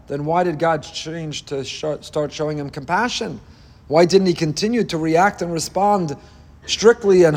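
Rabbi, male, high-pitched, preaching with passion and repeated phrases. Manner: impassioned, repetitive rhetorical cadence. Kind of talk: Torah sermon on the weekly portion.

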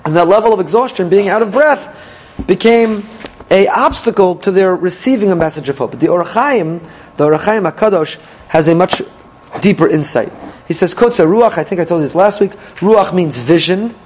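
High-voiced man giving an animated Torah class. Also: normal speed, low-quality recording. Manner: animated, asks rhetorical questions and answers them; quotes Hebrew verses and commentaries. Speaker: rabbi teaching a Torah class.

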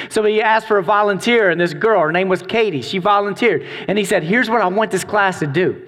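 A middle-aged man preaching a sermon, telling a story with animated delivery and acted-out voices. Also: high voice, big-room sound. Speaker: pastor.

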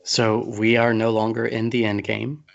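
A man's voice: fairly low pitch, completely flat delivery, moderate pace, creaky, dull audio. A man co-hosting a podcast in casual chat, joking and rambling with self-deprecating asides. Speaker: podcast co-host. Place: basement at home.

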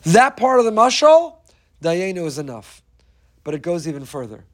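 A man with a fairly high voice delivering an inspirational Torah talk. He speaks earnestly and with emphasis, circling back to repeat key phrases as he tells a story. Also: very animated, normal speed. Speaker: Torah teacher.

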